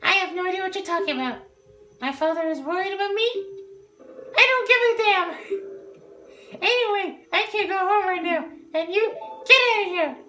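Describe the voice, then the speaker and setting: A woman's voice: very high-pitched, expressive, normal speed, bright, forceful tone, faint music behind, exaggerated voice. A woman voicing a bossy, proud young fish-girl princess who speaks imperiously and dismissively in a video game. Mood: haughty. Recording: echoey roomy sound.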